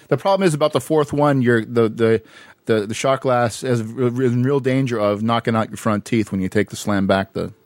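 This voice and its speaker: A man hosting a casual podcast chat, relaxed and quick to laugh. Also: mid-range voice, no room sound. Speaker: podcast host.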